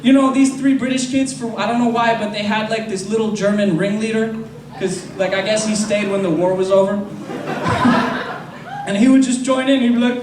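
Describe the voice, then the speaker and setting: High-voiced stand-up comic in a club. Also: male voice, steady tone, normal speed, far from the mic, slight background noise. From France. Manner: loose, profane, crowd work. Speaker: stand-up comedian. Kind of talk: stand-up comedy set. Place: comedy club. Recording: roomy club recording from afar with crowd. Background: audience laughter.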